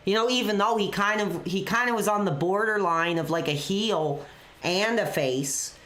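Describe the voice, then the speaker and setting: A woman with a mid-range, slightly bright voice speaks at a normal pace while hosting a live call-in stream. She talks earnestly and emotionally, rambling and filling her speech with "you know" and "like." The recording has a roomy echo.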